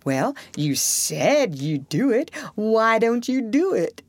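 Stubborn bragging storybook boy, pitched up and goading, played by a woman. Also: big pitch swings, takes it slowly, no echo, clean studio sound, heavily acted. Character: proud new boy in town, stubborn and boastful.

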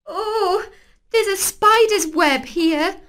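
A woman voicing Pilly, a neat and tidy, gently bossy woman in a children's storybook, with a bright, sing-song way of calling out. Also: extremely high pitch, extremely slow, pitched above the performer's own voice, exaggerated voice. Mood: surprised.

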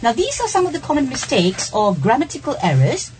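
A woman's voice: high-pitched, wildly swooping pitch, brisk, darkish tone. A middle-aged woman, hosting a radio lesson, laughing often and checking in with "yeah?". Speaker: radio English lesson host. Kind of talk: teaching workplace English on radio.

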